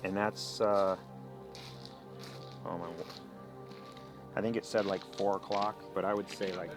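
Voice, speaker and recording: A man's voice: sits low, little pitch movement, a little slow, music in the background. A man guest chatting outdoors at a lakeside campsite, explaining things in an easygoing way. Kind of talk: casual outdoor chat.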